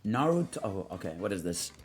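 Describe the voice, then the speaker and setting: A man's voice: lowish voice, big pitch swings, a little fast. A young man streaming live, rambling in slangy, laughing casual chat as he reads out chat prompts. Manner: rambling, laughing, slangy, voices quoted characters.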